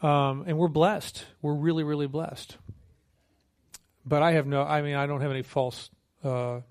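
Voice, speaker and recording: Man, missionary preacher, sermon, joking storyteller, fairly high voice. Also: unhurried. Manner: conversational, humorous, animated storytelling with acted quotes.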